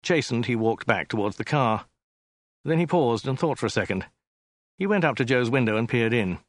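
A male narrator reading a novel aloud with a lively, wry delivery. The recording is dry and close with no room sound. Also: medium pitch, moderate pace, no echo. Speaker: audiobook narrator. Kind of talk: scripted narration.

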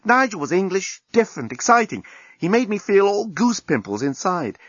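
A quietly resolute young woman who weighs her words, lifted a little above an ordinary speaking pitch, as a male audiobook reader puts her on. The voice is somewhat husky and the recording is dry and dull. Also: sing-song, moderate pace, no echo, exaggerated voice. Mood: reflective.

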